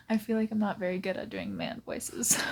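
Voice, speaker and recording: A woman talking in a soft-spoken ASMR reading style, hushed and half-whispered, with giggly asides close to the mic. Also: medium pitch, a little hiss or hum. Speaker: ASMR creator.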